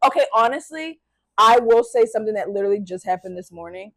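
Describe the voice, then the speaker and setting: A woman guesting on a podcast, telling stories in animated casual chat, swearing freely and laughing often. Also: medium pitch, quick pace, no echo. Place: podcast studio.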